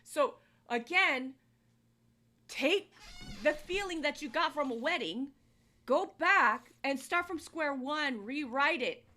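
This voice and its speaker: Bright, blunt woman giving song critiques. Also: high voice, animated, slow pace. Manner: blunt, coaching, teasing. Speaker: music review host. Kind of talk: live-stream song critique.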